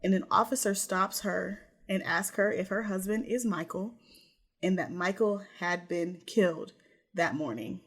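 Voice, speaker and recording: Brief: female podcast co-host, lively true crime storytelling with playful asides. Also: medium pitch, a little slow, husky.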